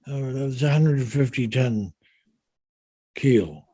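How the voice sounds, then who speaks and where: An older man, a yacht designer, telling an anecdote in an unhurried conversational way. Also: medium pitch, warm tone, breathy edge, no echo. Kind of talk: storytelling in conversation.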